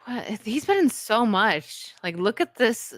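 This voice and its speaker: A woman's voice: on the high side, very animated, unhurried, no room sound, studio quality. A woman hosting a casual solo video chat, rambling and chatty with frequent laughs. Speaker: host.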